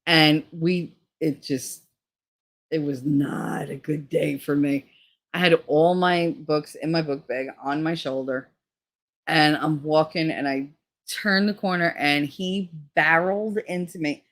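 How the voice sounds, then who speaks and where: A middle-aged woman with a somewhat low voice, chatting casually on her stream. She rambles through crude stories and swears freely. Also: slow pace. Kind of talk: casual chat.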